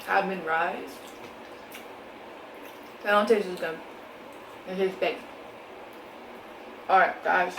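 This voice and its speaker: A young woman chatting casually in a mukbang vlog, laughing often and talking between bites at home. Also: medium pitch. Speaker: vlogger. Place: home, indoors. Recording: echoey room, faint background noise.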